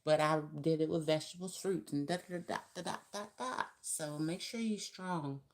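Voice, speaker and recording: Woman, low voice, chatty live-stream tarot reader with emphatic spiritual asides. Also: moderate pace.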